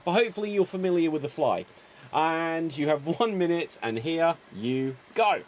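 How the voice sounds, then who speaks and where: Male improv host, lively intonation, upbeat, encouraging, slightly raised voice. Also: on the high side, moderate pace, a little hiss or hum. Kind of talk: hosting an improv game.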